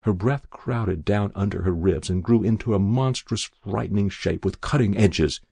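A man narrating a literary short story in a measured, expressive way. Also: lowish voice, creaky, breathy edge, no room sound. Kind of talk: scripted narration.

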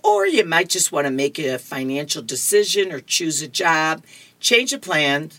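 A woman's voice: low voice, big pitch swings, a little slow, bright, forceful tone, no room sound. A woman reader on a radio reading service, reading comics with chatty, amused asides. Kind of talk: reading comics and horoscopes aloud.

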